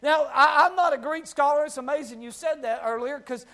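A male preacher with an Appalachian accent and a very high voice for a man. He preaches a fervent sermon, pushing up into shouts and asking the room for amens. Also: fairly quick.

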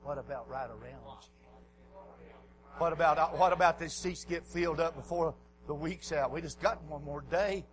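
A man preaching a folksy revival sermon in a church, dropping to quiet asides and rising to shouts. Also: normal speed, slight background noise, low-quality recording. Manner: folksy, swings from low murmurs to hoarse shouting.

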